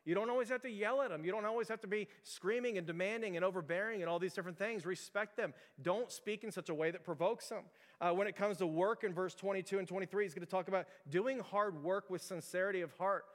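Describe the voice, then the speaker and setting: A man's voice: sits high, quick pace. A man in his thirties preaching a casual, story-driven sermon, chuckling as he talks. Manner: storytelling, conversational, chuckles often. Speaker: pastor. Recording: long reverb of a hall.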